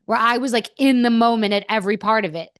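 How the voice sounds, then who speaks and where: A woman's voice: fairly high pitch, fast, no room sound, studio quality. A woman guest on a podcast, telling a candid story in a blunt, profane, rambling way.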